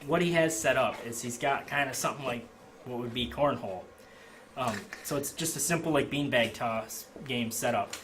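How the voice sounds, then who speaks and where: A man's voice: mid-range voice, normal speed, fairly bright tone. A man narrating as game master of a tabletop game, casual and hesitant with fillers. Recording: noisy home recording.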